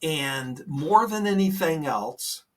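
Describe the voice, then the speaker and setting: A man co-hosting a podcast, talking about faith in an earnest, gentle, reassuring way, often saying "you know". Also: on the high side, lively intonation, takes it slowly, recorded from a distance. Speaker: podcast co-host. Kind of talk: conversational faith talk.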